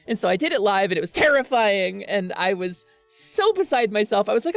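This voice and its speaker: A woman streamer chatting casually with her viewers, earnest and animated, laughing often and restarting her sentences. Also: medium pitch, a little fast, creaky, hardly any pauses, soft background music.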